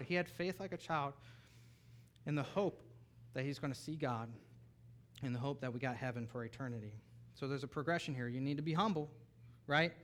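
A pastor in his thirties preaches a sermon in an animated, medium-pitched voice, swinging between soft asides and bursts that are nearly shouted.

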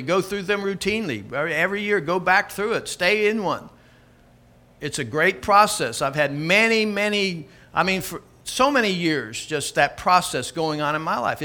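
High, bright-voiced energetic older male preacher. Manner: energetic, emphatic, storytelling. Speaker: pastor. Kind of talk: sermon.

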